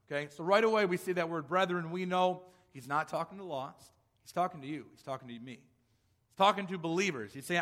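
Emphatic high-voiced male preacher in a reverberant hall. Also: fairly quick, pushed and bright. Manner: emphatic preaching with rhetorical questions and many restarts. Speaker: pastor. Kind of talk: sermon.

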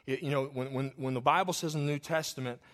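A man preaching a sermon to his church, swinging from loud declarations to hushed asides. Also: mid-range voice, fairly even intonation, fast. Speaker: pastor. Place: church sanctuary, also streamed online.

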